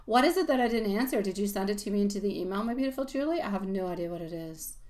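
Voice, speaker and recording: A woman's voice: mid-range voice, expressive, rapid-fire, darkish tone. Woman tarot reader on a live stream, affectionate and soothing, chatty with viewers. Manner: affectionate, calls listeners sweetie; soothing, reassuring advice.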